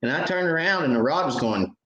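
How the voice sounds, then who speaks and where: A man's voice: on the high side, expressive, fairly quick, fairly bright tone, echoey room, dull audio. A man hosting a fishing show, telling stories and answering viewer questions in a casual live chat, laughing at his own stories. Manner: chatty storyteller, laughs at own stories, many restarts.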